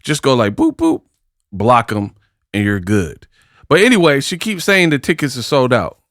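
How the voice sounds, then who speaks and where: A man's voice: mid-range voice, expressive, moderate pace, a bit bright, dry recording, clean studio sound. A man hosting boxing commentary, reacting to clips in a casual, mocking, slangy way.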